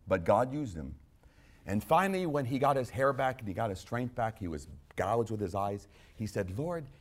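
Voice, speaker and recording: An older male preacher delivering a sermon with a very lively, swinging pitch. He drops to hushed, low remarks and then climbs into loud, ringing proclamations. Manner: swings from quiet asides to loud, shouted climaxes. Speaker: pastor.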